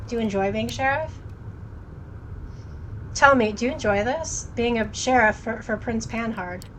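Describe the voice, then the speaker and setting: A woman's voice: a little high, moderate pace, a little hiss or hum, natural voice, poor audio. A woman voicing an earnest, newly turned young vampire in a game read-through, in a plain, sincere way. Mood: curious.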